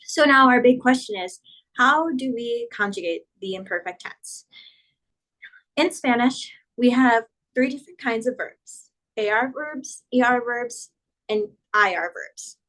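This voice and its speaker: A woman teaching a Spanish grammar lesson, patiently spelling out verb endings and slowing down for each example. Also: fairly high pitch, animated, fairly bright tone, rough recording.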